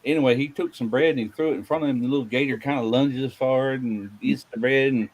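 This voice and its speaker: A man's voice: mid-range voice, fast, low-quality recording. A man from Mississippi, telling rambling stories in a casual chat, full of "anyway" and "you know.". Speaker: podcast host.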